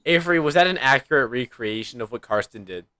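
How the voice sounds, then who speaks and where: A man's voice: mid-range voice, lively intonation, fast, bright, forceful tone, smooth. A young man hosting a casual podcast with friends, rambling and giggly as he jokes around. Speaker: podcast host. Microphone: desk mic on a voice call.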